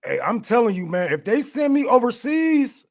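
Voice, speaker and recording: A man's voice: very high voice, big pitch swings, moderate pace. A man giving a casual political rant, profane and heated, laughing often as he talks. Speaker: political commentator.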